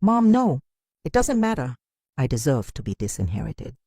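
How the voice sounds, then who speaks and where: A woman's voice: rumbling low, sing-song, normal speed, dark tone, breathy edge, no echo, clean studio sound, exaggerated voice. A woman voicing a remorseful adult daughter, tearful and pleading, with a broken voice.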